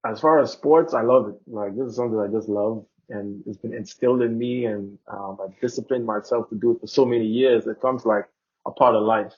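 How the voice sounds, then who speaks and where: A young man from the Turks and Caicos Islands, a guest in a casual interview, telling stories in an animated way and acting out the voices he quotes. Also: lowish voice, brisk, husky, dull audio. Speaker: guest, cloud engineer and athlete.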